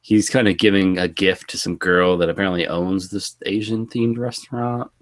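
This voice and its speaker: A man co-hosting a casual podcast, recounting a movie's plot in a relaxed way with frequent laughs. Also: sits low, moderate pace. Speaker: podcast co-host. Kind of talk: casual movie commentary chat.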